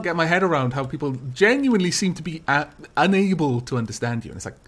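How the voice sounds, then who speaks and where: A man's voice: on the high side, big pitch swings, fast, hardly any pauses. A man hosting a casual multiplayer gaming session, telling stories animatedly and laughing easily. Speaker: host and co-player.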